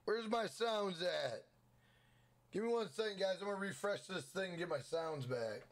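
A man hosting a gaming livestream, giving hyped, rapid shout-outs to his chat. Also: high voice, animated.

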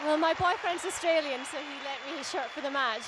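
A woman's voice: high-pitched, a little fast, background noise. A woman speaking briefly and shyly into a stadium microphone. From Scotland. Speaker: singer posing as a volunteer. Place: outdoor rugby stadium. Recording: stadium PA with crowd and music.

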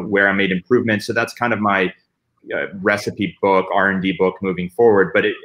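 A man speaking as a pitmaster guest in a casual panel discussion. He explains things in a relaxed way with frequent fillers. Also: low voice.

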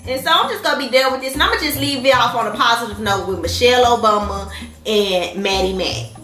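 A sassy woman with a high, bright voice, dishing out her reactions straight to her viewers. She talks at an unhurried pace in an echoey room, with faint music playing behind her. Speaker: reaction vlogger. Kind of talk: animated reaction vlog.

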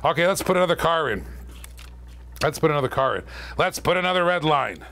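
A man hosting a live-streamed toy car auction, calling bids in quick, chatty patter and joking with viewers. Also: fairly high pitch, lively intonation, vocal fry, bright, forceful tone. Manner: chatty, joking, fast auction calls with laughs.

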